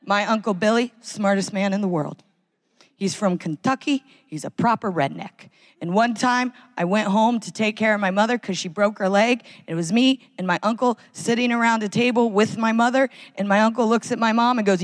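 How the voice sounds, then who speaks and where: An American woman performing a live stand-up routine in a large concert hall, wry and animated. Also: moderate pace. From United States. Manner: wry, animated, acts out characters in high voices. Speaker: stand-up comedian.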